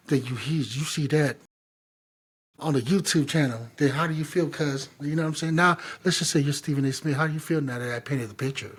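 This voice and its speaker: Husky guy on a podcast, kinda high voice, hyped up, cussing and slang everywhere. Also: a little fast. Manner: animated, profane, slangy storytelling. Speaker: podcast co-host. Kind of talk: casual podcast chat.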